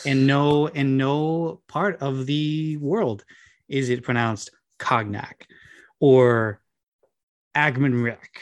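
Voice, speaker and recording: A man's voice: mid-range voice, fairly even intonation, slow pace, darkish tone. A man on an emphatic, sardonic rant, his exasperation spilling into casual podcast talk. He hits his points hard and dryly.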